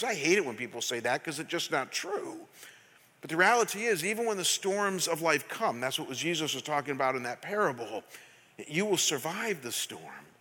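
A man's voice: a little high, pushed and bright, husky. Passionate man preaching in a reverberant church. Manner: passionate, emphatic, asks the congregation questions. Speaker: pastor. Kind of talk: sermon. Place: church sanctuary. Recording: long hall reverb.

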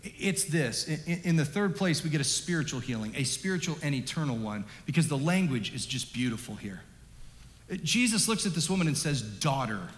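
A male pastor delivers an emphatic, animated sermon in a slightly high voice. His words bounce around a large church hall. A long tail of reverb follows each phrase. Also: fairly quick. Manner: animated, emphatic, varies loudness.

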